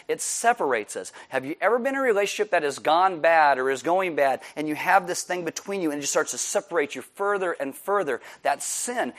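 Pastor with a higher voice. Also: male voice. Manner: conversational, jokey, dips quiet for emphasis. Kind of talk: sermon.

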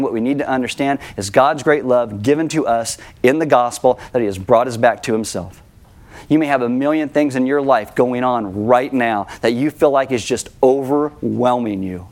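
Male pastor, mid-pitched, casual sermon delivery that slows for emphasis. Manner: conversational, self-deprecating, slows for emphasis.

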